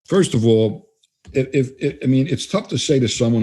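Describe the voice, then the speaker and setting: A man's voice: mid-range voice, lively intonation, moderate pace, warm tone. A man guesting on an interview, talking bluntly and emphatically and acting out bits of dialogue. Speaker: guest trainer. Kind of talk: casual interview talk.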